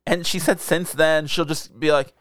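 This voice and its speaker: A man's voice: fairly high pitch, fairly even intonation, moderate pace, a bit bright, no room sound, clean studio sound. A man in his thirties, a podcast co-host, chatting casually in a rambling way, full of fillers and laughter. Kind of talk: casual chat.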